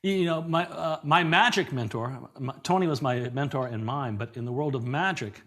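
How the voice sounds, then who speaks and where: A man's voice: medium pitch, normal speed, a bit bright. A middle-aged man, a guest on an interview show, telling anecdotes with frequent laughs and repeated words. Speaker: guest performer. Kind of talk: conversational storytelling in an interview.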